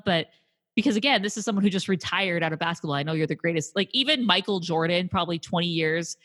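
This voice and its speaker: A woman's voice: fairly low pitch, quick pace. A woman co-hosting a film review podcast, casually retelling scenes and acting out the quotes. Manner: animated retelling with acted-out quotes. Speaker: podcast co-host.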